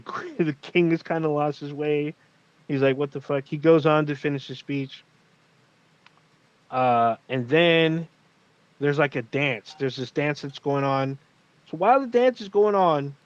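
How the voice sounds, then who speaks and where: A man's voice: mid-range voice, dry recording. A man recapping a TV episode in casual podcast chat, swearing often and acting out the characters' lines. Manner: animated, profane storytelling with acted quotes. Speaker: podcast co-host. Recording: muffled lo-fi audio.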